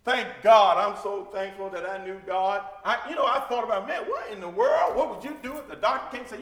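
A man preaching a sermon in a church, fervent, with shouted peaks and joking asides. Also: high-pitched, moderate pace. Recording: echoey hall.

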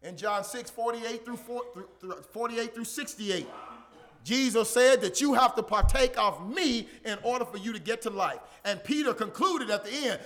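A man preaching a sermon to a congregation, asking rhetorical questions and building up to shouts. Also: high voice, expressive, normal speed. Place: church.

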